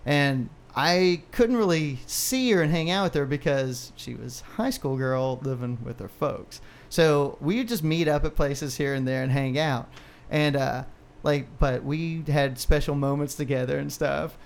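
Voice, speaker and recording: Male podcast co-host, thirties, slightly high voice, loose profane storytelling, laughs a lot. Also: unhurried, vocal fry. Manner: profane, rambling, laughs often. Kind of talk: casual storytelling.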